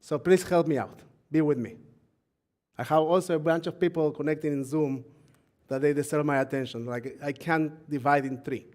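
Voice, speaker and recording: A man's voice: on the high side, darkish tone. Chatty man teaching a live-streamed sermon. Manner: chatty, laughs often, asks the congregation and crew directly for attention; reads scripture slowly and deliberately. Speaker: rabbi leading a Shabbat service.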